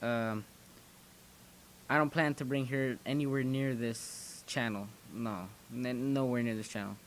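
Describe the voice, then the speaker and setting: A teenage boy talks straight to his viewers about his school days. He rambles and often restarts his sentences, in a voice of middle pitch. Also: steady tone, measured pace, a little hiss or hum. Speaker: channel host. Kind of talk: casual storytelling commentary.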